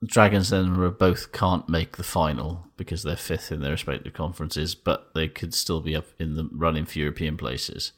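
A man's voice: a bass voice, steady tone, moderate pace, hardly any pauses. A man co-hosting a podcast in casual chat, talking emphatically and enthusiastically, with plenty of swearing. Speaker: podcast co-host.

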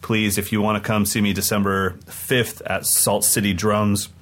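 A man co-hosting a podcast, telling stories in an excited, rambling way in casual chat. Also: on the low side, moderate pace. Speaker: podcast co-host and touring drum clinician.

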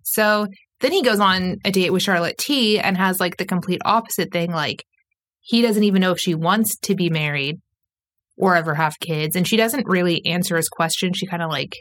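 A woman's voice: fairly low pitch, moderate pace, a bit bright. A woman co-hosting a podcast, chatting casually and recapping a show, with frequent "like" fillers and quotes she acts out. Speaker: podcast co-host.

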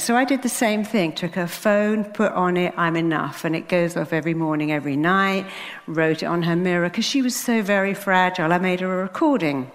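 A woman, a therapist giving an animated storytelling talk and acting out the voices of the people in her stories. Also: on the low side, fairly quick. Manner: animated, acts out quoted dialogue. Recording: long hall reverb.

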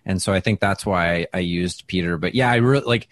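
A man who does stand-up, telling stories in a casual interview, chatty and self-deprecating, with lots of fillers and restarts, and he acts out quoted lines with big jumps in pitch. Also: normal speed. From Wisconsin. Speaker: stand-up comedian, guest. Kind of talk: casual interview talk, storytelling.

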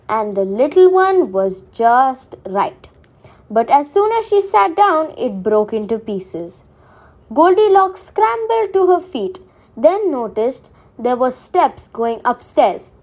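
A woman reading a children's fairy tale aloud, expressive and deliberate. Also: sits high. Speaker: storyteller. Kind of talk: storybook read-aloud narration.

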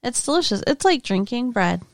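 A woman co-hosting a podcast in casual chat, her pitch swinging widely as she talks. Her voice is dry and close, with no room around it. She comes across opinionated and quick to tease. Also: sing-song, no echo. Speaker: podcast co-host. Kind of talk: casual chat about a TV show.

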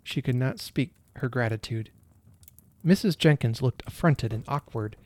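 Male storybook narrator, gentle, expressive, mid pitch, dry studio. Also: no echo.

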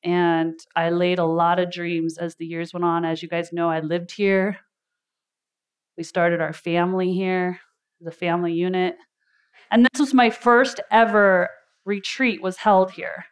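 A woman's voice: on the low side, fairly even intonation, unhurried, clean tone. A woman life coach giving a motivational talk at a live event indoors, chatty and storytelling, laughing often.

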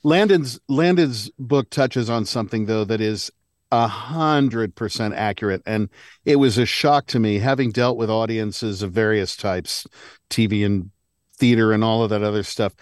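A man's voice: lowish voice, moderate pace, no echo, studio quality. A man, an audiobook narrator, speaking earnestly and emphatically in a podcast discussion.

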